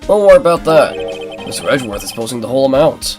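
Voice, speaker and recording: A woman's voice: rumbling low, very animated, fast, darkish tone, soft background music. A stuffy-nosed woman with a Southern accent voicing a blunt, friendly male police detective. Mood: gruff. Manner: blunt, pally. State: stuffy nose.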